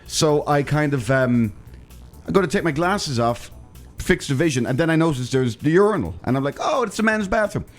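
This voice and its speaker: Man, podcast co-host, lively swooping pitch, slightly high voice, exaggerated storytelling, faint music underneath. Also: moderate pace. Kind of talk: casual comedic chat.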